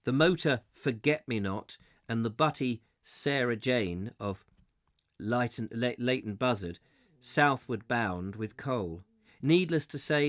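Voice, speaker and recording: During a live reading, this host works through a book at a steady pace, pausing for amused, conversational tangents and self-corrections. He has a fairly low voice, and the studio audio is clean and dry.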